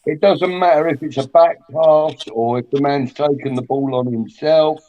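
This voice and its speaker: A man's voice: a little high, moderate pace, mellow, lo-fi sound. A middle-aged man co-hosting a casual live-stream chat, opinionated and emphatic, often repeating himself.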